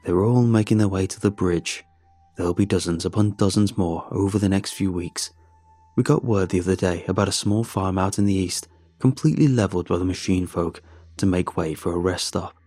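A man voicing a grim, blunt male village guide who talks low, quietly and tersely in a storybook reading. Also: fairly quick, dry recording, soft background music.

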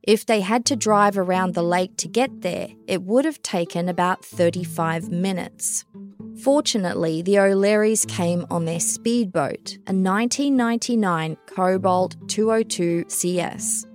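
A woman narrates a scripted true-crime account at a middling pitch. Her delivery is measured and even. Soft music sits quietly underneath. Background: faint music.

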